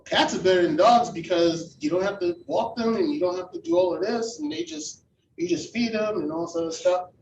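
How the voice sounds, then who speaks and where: Man, encouraging teacher, conversational, slightly high voice, echoey room. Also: expressive, a little fast, muffled recording, a little hiss or hum. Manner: encouraging, conversational, asks the audience questions. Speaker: club speaker teaching evaluation. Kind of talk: instructional talk to a club audience. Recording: echoey room, heard from a distance.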